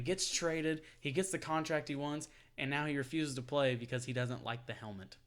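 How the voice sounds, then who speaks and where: A man's voice: on the high side, fairly quick, few pauses, fairly bright tone. A young man rants through a casual sports podcast. He swears freely, laughs often and talks in bursts. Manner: profane, ranting, laughs often. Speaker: podcast co-host.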